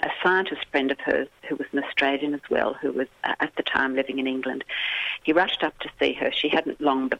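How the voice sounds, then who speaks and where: A woman's voice: rumbling low, a bit bright, no room sound, highs cut off. A woman author, a guest on a radio interview, telling a story in an earnest, vivid way.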